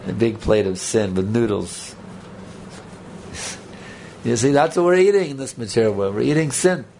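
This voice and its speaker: A spiritual teacher gives a sermon to a live audience, conversational and rambling, with joking asides and banter. His mid-range voice has lively intonation, a darkish tone and normal speed, with a little hiss or hum.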